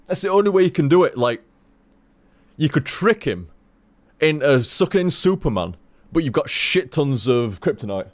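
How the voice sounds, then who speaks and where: A man's voice: fairly high pitch, normal speed, pauses often, no echo. A man streaming a game, rambling casually to his chat, with lots of swearing. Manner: rambling, heavy swearing, animated.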